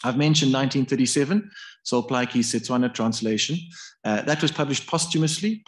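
A man giving a university lecture in a hall, thinking aloud in a hesitant, discursive way. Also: mid-range voice. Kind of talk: academic public lecture.

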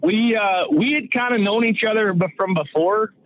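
A man from Saskatchewan calls in as a guest, and his voice comes through a thin, phone-like line. He rambles easily from one story to the next and laughs often, sitting a little high in his range. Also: moderate pace. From Canada, Saskatchewan. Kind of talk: casual interview over the phone. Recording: phone-like narrow sound.

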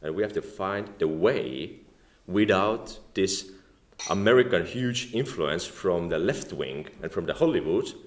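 A man from Estonia with an Estonian accent and non-native English, giving a speech at a formal dinner with many halting "like"s and "uh"s. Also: low voice, animated, slight background noise. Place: banquet room at a formal dinner. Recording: echoey dining hall.

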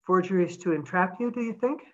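A woman's voice: lowish voice, fairly quick, highs cut off, close to an everyday voice. A woman reading aloud, voicing a determined young woman who talks urgently and pleads.

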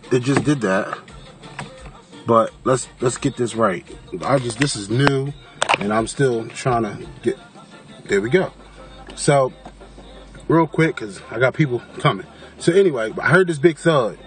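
A man casually telling a story to his camera, cursing freely and acting out the voices of the people in it. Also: medium pitch. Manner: animated, profane, acts out quoted voices. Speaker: vlogger.

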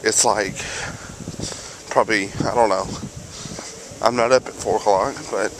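A man's voice: on the low side, fairly even intonation, unhurried. A man, rambling and correcting himself as he vlogs outdoors on a handheld camera. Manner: rambling, self-correcting, chatty. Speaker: vlogger. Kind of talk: rambling casual vlog while walking outdoors. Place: outdoors on a road near home, windy. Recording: faint wind and passing cars.

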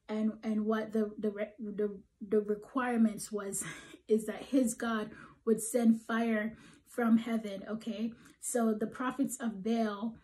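Emphatic woman preacher, higher voice. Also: mellow, rough recording. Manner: emphatic, tags "okay?" after points, drops to whispers. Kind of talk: prophetic encouragement message.

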